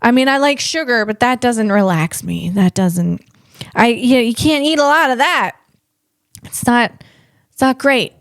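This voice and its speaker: A woman's voice: on the high side, expressive, unhurried, no echo, studio quality. A woman podcast host and comedian chatting casually on her own, rambling and poking fun at herself. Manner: rambling, self-deprecating, chuckles at own jokes. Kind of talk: casual solo chat.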